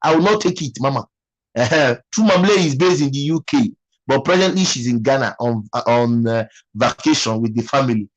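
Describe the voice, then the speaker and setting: A man's voice: medium pitch, expressive, brisk, rough recording. A Nigerian man hosting a casual livestream, chatting and teasing while reading viewers' comments. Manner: chatty, repeats phrases, teasing. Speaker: livestream host.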